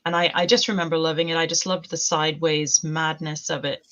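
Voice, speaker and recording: A woman joins a casual panel chat and speaks in a reflective, soft-spoken way. Her voice sits a little low, and it comes through a dull, lo-fi remote line. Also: level tone, brisk. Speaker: panel guest.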